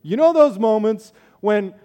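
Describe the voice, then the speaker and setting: A man's voice: high-pitched, expressive, measured pace, mellow, clear, resonant tone, long reverb tail. A man preaching a sermon as pastor, conversational, with playful asides and acted-out voices of the people he describes.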